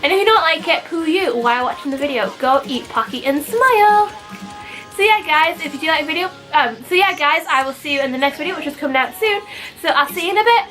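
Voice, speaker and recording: A young woman chatters through a casual storytime vlog, giggly and rambling, her voice bright and sharp and pitched a little high. Faint music plays behind her. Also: expressive, quick pace, low-quality recording. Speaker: vlogger.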